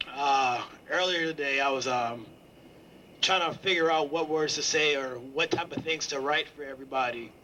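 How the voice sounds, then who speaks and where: Young guy giving a heartfelt talk to a crowd of students, earnest, lots of pauses, a bit of hiss. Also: medium pitch, bright, forceful tone, low-quality recording. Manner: earnest, halting, with many ums and pauses. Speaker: student speaker at a campus gathering. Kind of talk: heartfelt spoken reflection.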